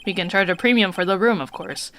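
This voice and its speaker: A woman's voice: medium pitch, animated, fast talker, fairly bright tone, a little hiss or hum, lightly acted. Woman doing a pompous French bellboy. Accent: put-on French. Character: fawning young male hotel bellboy, odd.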